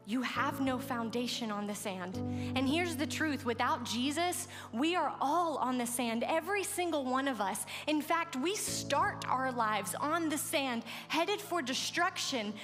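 A woman with a fairly high voice preaches earnestly to a large gathering. She drives her points home with repeated phrases and sounds moved close to tears. Long reverb from the big hall trails after her words. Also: animated, a little slow, music in the background. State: tearful, moved. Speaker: speaker. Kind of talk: sermon.

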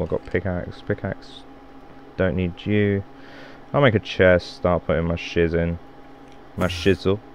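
Gamer guy, low voice, loose swearing commentary, faint hiss under a home mic. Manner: rambling, swearing, self-mocking. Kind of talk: let's play commentary.

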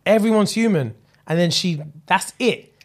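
Young guy on a podcast, kinda high voice, swears a lot, really animated. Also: moderate pace. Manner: animated, swears freely, acts out quotes. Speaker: podcast co-host. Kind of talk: casual chat.

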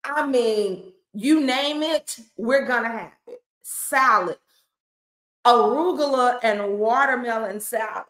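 A woman's voice: fairly high pitch, takes it slowly, fairly bright tone, reverberant. A woman pastor, talking to viewers in a playful, chatty, hyped-up way. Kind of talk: hyped livestream announcement.

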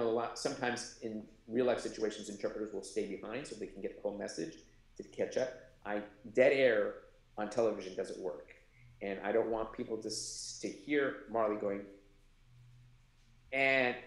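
A middle-aged man, a sign language interpreter and producer, telling lively anecdotes in a live interview and acting out the voices in them. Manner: animated anecdote-telling, acts out voices with big pitch jumps. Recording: roomy echo.

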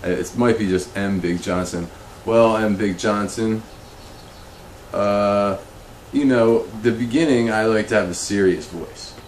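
A man hosting a comedic fish show, talking in an awkward, rambling, deadpan way. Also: roomy sound, slight background noise, rough recording. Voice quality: slow, awkward, rambling delivery that becomes emotional and high-pitched. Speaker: comedy web show host.

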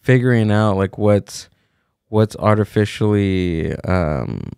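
A man's voice: on the low side, takes it slowly, vocal fry, darkish tone, smooth, no echo, clean studio sound. A man co-hosting a podcast, musing and asking questions in casual chat. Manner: musing, asks questions with restarts. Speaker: podcast co-host.

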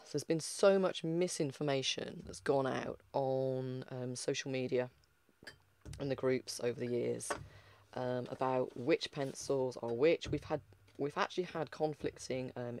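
A man's voice: mid-range voice, creaky, a little mellow, no echo. A man giving a casual, chatty art lesson on a livestream, explaining with lots of fillers. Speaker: art tutor.

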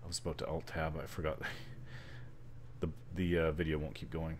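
Low-voiced canadian guy rambling through his game session, trips over words, laughs at himself, faint background noise. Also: level tone, brisk. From British Columbia, Canada. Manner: rambling, self-deprecating, stumbles on words. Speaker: gamer. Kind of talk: casual gameplay commentary.

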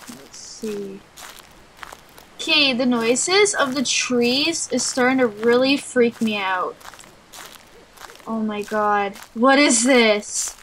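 Jumpy young woman with a high bright voice. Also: slow pace, slight background noise, low-quality recording. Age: young adult. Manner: jumpy, nervous, talks to herself and shrieks at scares. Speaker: let's play gamer. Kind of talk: horror game commentary.

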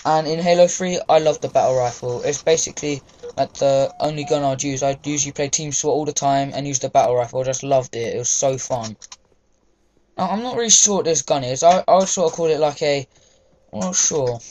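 A man's voice: mid-range voice, brisk, darkish tone, slight background noise. A young man, chatting casually over gameplay, rambling with lots of fillers. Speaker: gaming commentator.

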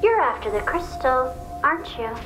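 An actress voicing a sinister female game villain who taunts slowly in a mocking, sing-song way, heard from game audio. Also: high voice, big pitch swings. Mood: taunting. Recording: game audio with reverb and music.

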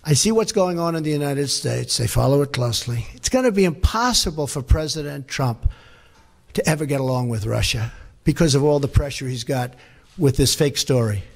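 A man's voice: medium pitch, expressive, fairly quick, creaky. A man voicing an imagined foreign male leader speaking smugly from his desk.

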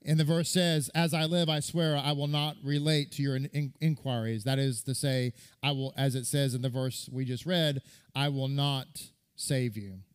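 A man's voice: mid-range voice, fairly even intonation, normal speed, hardly any pauses, clear, resonant tone. A man, a rabbi, giving a sermon that retells a midrash, reading and quoting scripture and repeating words for stress.

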